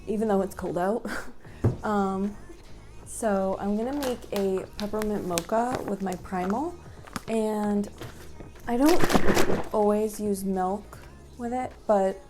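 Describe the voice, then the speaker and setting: A woman's voice: medium pitch, takes it slowly, long pauses. Young woman chatting away at home for her vlog, upbeat, bit of music underneath. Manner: upbeat, chatty, filler-heavy. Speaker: vlogger. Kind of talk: casual vlog chat.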